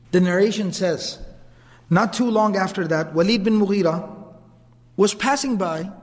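A man telling a seerah story as a sermon, animated and acting out the voices of the people he describes. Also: high voice, in a large hall. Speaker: preacher narrating seerah.

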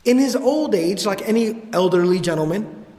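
A man giving a casual, animated religious storytelling lecture with slangy asides. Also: high voice, normal speed. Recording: echoey hall reverb.

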